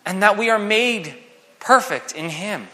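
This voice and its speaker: A man delivers an animated sermon, slipping into quoted voices as he goes. His voice sits high and sounds bright and forceful. The sound hangs in a long hall reverb. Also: unhurried. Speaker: preacher.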